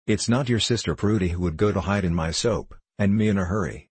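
A man with a husky voice reading the lines of a good-natured young maid in a storybook. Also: deep voice, a little fast, darkish tone, no room sound. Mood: indignant. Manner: indignant, deferential to her mistress.

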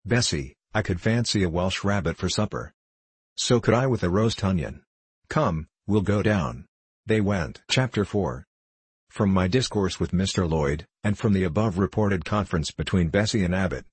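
A man reading a classic novel aloud as scripted narration, in a measured, steady way. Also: sits low, slightly rough, no room sound. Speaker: audiobook narrator.

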